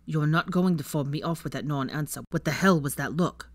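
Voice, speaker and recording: A fan fiction reader voicing a protective, intense young man in low, hushed tones. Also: brisk, no room sound, lightly acted. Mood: urgent.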